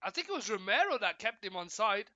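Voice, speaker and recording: Bright, high-voiced man commentating. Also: sing-song, fast, dry recording, dull audio. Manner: chatty, greets viewers often, corrects himself. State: slightly croaky, coming down with a cold. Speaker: football watchalong host. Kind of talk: live football play-by-play commentary.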